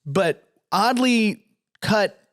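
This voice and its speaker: A man hosting a casual podcast, telling a story with animated energy. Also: high voice, very slow, dry recording, studio quality. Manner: animated storyteller, acts out quotes. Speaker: podcast host. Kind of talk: casual chat.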